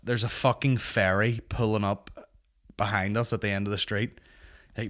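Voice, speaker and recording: Northern Irish male comic host, fairly low voice, loose and profane, rambling storyteller. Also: fairly quick. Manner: sweary, rambling, animated. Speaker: comedy podcast host. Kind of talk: casual storytelling.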